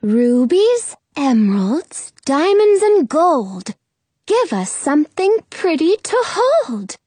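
A woman's voice: very high-pitched, very animated, a little slow, darkish tone, dry recording, voice pushed up, full character voice. A woman voicing a bubbly young female genie who sounds eager and a little apologetic.

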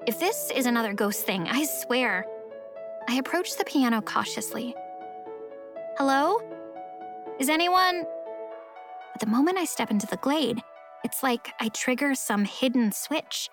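A woman narrating a first-person story in a wry, expressive way. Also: a little high, moderate pace, music in the background. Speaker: audiobook narrator.

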